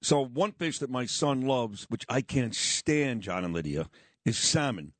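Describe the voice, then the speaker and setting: A man's voice: mid-range voice, animated, unhurried, no echo. A man in his fifties hosting a morning radio show, upbeat and jokey as he reads plugs and banters. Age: 50s. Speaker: radio host.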